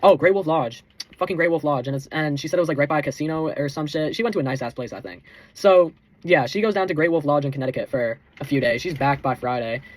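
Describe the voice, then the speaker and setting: A teenage boy telling a heated storytime rant, swearing constantly and calling the listener bro and dude. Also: medium pitch. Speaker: vlogger.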